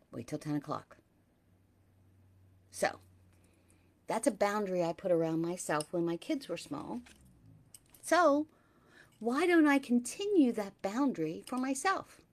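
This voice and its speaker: A middle-aged woman hosting a spiritual talk, speaking gently and sometimes dropping into a soft whisper. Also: mid-range voice. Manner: slow, gentle, drops into soft whispers at times.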